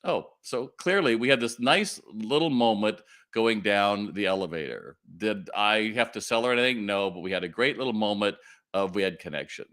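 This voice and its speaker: A middle-aged man from California hosting a live retail Q&A stream, talking in an animated way and often asking viewers to respond. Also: fairly low pitch. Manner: animated, quick asides and audience calls to respond.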